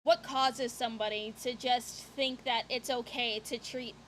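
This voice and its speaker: A woman's voice: fairly high pitch, steady tone, measured pace, slight background noise. A young woman streaming herself, reacting to footage with angry, profane outbursts. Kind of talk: reaction livestream.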